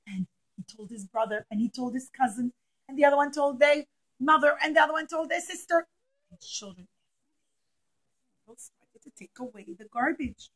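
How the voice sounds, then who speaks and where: A woman telling a story to young children in a classroom, animated, acting out the characters with gasps and whispers. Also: high-pitched, normal speed, long pauses, rough recording.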